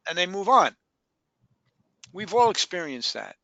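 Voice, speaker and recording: A man with a high, bright voice coaching a group of new sales hires. He talks emphatically and repeats his key points for weight, stopping often to ask questions. The sound is dry and close, with little room. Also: big pitch swings, measured pace, gravelly, no room sound, muffled recording. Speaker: sales trainer. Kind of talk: live sales training session.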